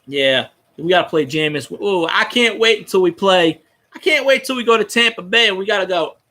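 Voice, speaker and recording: A man's voice: high-pitched, animated, a little fast, sharp tone. A man giving a profane, rambling football fan rant in casual chat.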